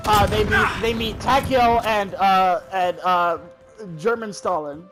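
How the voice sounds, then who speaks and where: A man's voice: high voice, measured pace, rough recording. A young man jokingly retelling a game's storyline to friends, rambling with plenty of fillers. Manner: rambling, lots of fillers and restarts, jokey. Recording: loud music behind.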